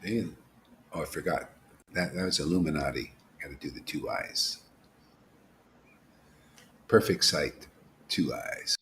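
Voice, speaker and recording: A man giving an informal devotional sermon, asking rhetorical questions, dropping to whispers and rising to loud exclamations, laughing now and then. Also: very deep voice, a little slow, long pauses, a little hiss or hum. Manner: animated, preachy, swings from hushed whispers to loud exclamations; asks rhetorical questions, laughs at his own jokes. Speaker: spiritual teacher.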